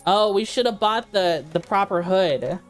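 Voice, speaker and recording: A woman's voice: medium pitch, lively intonation, unhurried, faint music behind. A woman streamer chatting casually while playing, laughing easily and talking to her chat.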